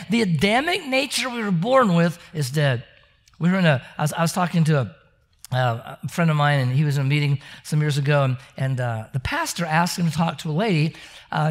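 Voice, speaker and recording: A man preaching a sermon, telling stories with frequent stammering restarts and acting out the characters' voices. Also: on the high side. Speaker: pastor. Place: church service.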